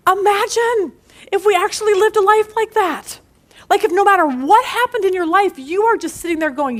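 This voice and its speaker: A middle-aged woman leading a women's Bible study, chatty and animated, laughing at herself as she teaches. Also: very high voice, normal speed.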